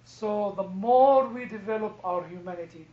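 Non-native english guy talking slow and halting, repeats himself, dull lo-fi sound. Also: sits high. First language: not English. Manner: halting, repeats words when starting. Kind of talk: casual group discussion. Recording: echoey room, dull lo-fi sound.

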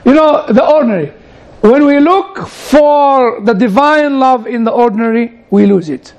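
Speaking a little slowly in a very high voice, this preacher keeps his sermon conversational, leaning on "you know" and asides to the audience. The recording is low quality.

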